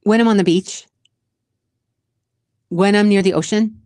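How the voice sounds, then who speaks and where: Woman, 40s, podcast host; casual, emotional, rambling; mid pitch; dry close sound. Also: fairly even intonation, a little slow, darkish tone, no echo. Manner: chatty, emotional, rambling with restarts. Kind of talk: casual chat answering question cards.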